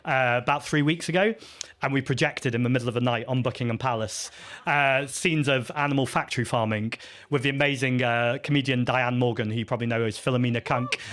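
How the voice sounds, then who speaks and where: A man's voice: mid-range voice, steady tone, a little fast, a bit bright. A man, a party leader, answering audience questions at a live festival Q&A in an earnest, chatty, self-deprecating way, with frequent ums and restarts.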